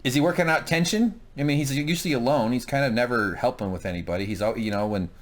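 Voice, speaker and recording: A man's voice: mid-range voice, fast. A man co-hosting a TV review chat, cracking jokes, swearing freely and telling stories with animation. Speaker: co-host of a TV review show. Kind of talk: casual recap chat.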